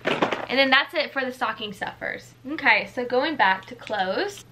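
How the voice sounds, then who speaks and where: A woman's voice: on the high side, lively intonation, a little slow, very noisy. A woman in her twenties from the United States, chatting casually through a haul of gifts, gushing and rambling with fillers. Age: 20s. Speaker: vlogger.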